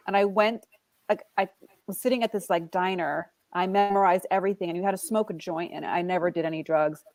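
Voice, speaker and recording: An animated woman in her forties with a Brooklyn New York accent. She tells self-deprecating stories as a guest on a talk show and acts out what people said. Her voice sits at a middling pitch, and the recording is close and dry. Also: fast talker, no echo. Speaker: guest actress. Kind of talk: casual interview storytelling.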